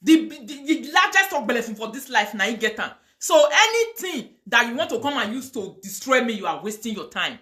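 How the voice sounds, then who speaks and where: A woman's voice: a little high, very animated, brisk, few pauses, a bit bright. A woman with a Nigerian accent ranting on a live video, mixing pidgin, chanting curses and prayers with fire. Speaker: online video host.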